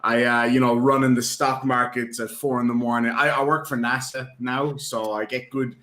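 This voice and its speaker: A man from Australia chats on a live stream in a rambling, joking way, full of ums and uhs. His voice sits at a middle pitch. The sound rings in a roomy, echoing space. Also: flat delivery, normal speed, sharp tone. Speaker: guest. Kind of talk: casual live-stream chat. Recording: roomy echo.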